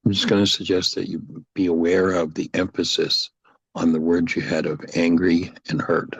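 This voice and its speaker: Deep gravelly man, coaching gently. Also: little pitch movement, no echo, highs cut off. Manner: gentle, suggestive, measured guidance. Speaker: host and teacher. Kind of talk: coaching conversation on a video call.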